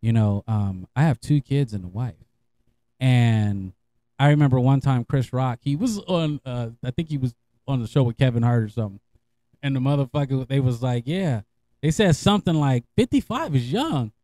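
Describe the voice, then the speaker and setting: A man's voice: mid-range voice, moderate pace. A middle-aged man hosting a podcast, telling stories in a casual, profane way and laughing often. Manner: laughing, profane, animated storyteller. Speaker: podcast host. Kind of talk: casual storytelling monologue.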